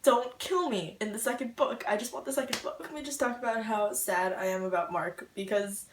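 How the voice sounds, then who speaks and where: A young woman talks a little fast in a mid-range voice, vlogging a rambling, emotional reaction to a book with lots of "like." She's recorded at home on a distant camera mic, slightly off-mic in an echoey room, with a bit of hiss or hum.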